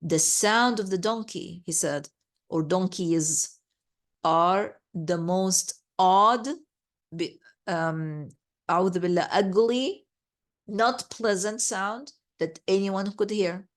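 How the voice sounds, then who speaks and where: A woman's voice: medium pitch, slow. A woman teaching a reflection class on scripture, explaining patiently and often restarting her sentences. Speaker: Quran study teacher.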